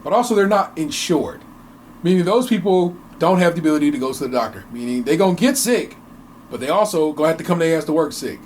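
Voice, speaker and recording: Animated, profane man ranting. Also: on the high side, fast, slight background noise. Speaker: podcast co-host. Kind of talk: casual chat. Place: home basement studio.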